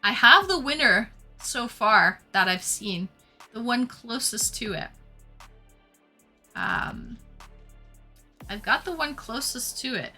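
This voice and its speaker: Canadian woman streamer with a bright tone, chatty and slow-paced, reading viewer chat with faint music underneath. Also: fairly high pitch, big pitch swings. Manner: chatty, reads out viewer comments and thanks them. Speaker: live stream host. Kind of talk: casual live chat with viewers.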